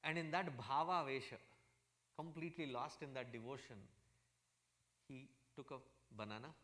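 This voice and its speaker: A man with an Indian accent, a swami giving a satsang talk in a humorous, animated storytelling manner. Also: mid-range voice, normal speed. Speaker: swami, spiritual teacher.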